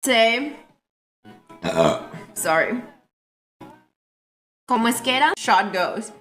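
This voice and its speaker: Young female streamer, casual and apologetic, fairly high voice with lively pitch swings. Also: takes it slowly, soft background music. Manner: chatty, keeps apologizing. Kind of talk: casual live-stream chat.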